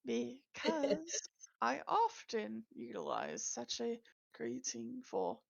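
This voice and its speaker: A woman's voice: fairly high pitch, takes it slowly, vocal fry, dull audio, heavily acted. A woman voicing a stiff, formal male shopkeeper with many eyes who talks like a mechanical toy. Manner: flat, mechanical, formal speech.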